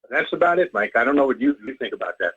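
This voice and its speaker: A man's voice: medium pitch, very animated, racing, vocal fry, fairly bright tone, husky. A man from the US calling in to a talk radio show, ranting bluntly and with agitation. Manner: blunt, agitated, repeats "all right?". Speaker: caller. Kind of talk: phone-in rant. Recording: dull phone line.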